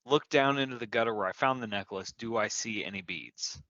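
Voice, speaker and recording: A man's voice: lowish voice, a little fast, bright, forceful tone, dry recording, lo-fi sound. A man playing a tabletop game, thinking aloud and asking questions about the scene. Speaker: player.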